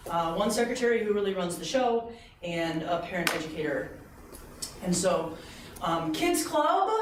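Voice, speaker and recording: A woman's voice: mid-range voice, a little hiss or hum. A woman giving a program report at a school board meeting, talking conversationally with frequent ums and getting emotional near the end. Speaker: community education director. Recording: echoey room mic from far off.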